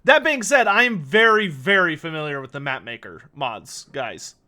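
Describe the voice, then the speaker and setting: A man's voice: on the high side, very animated, moderate pace, sharp tone. A man streaming a strategy game, chatting casually, thinking aloud and answering viewer questions. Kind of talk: casual gameplay livestream commentary.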